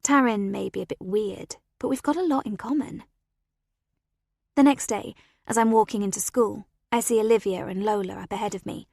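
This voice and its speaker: Gravelly woman narrating a story. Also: mid-range voice, normal speed, no echo, clean studio sound. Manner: expressive, animated storytelling. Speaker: audiobook narrator. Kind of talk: first-person scripted narration.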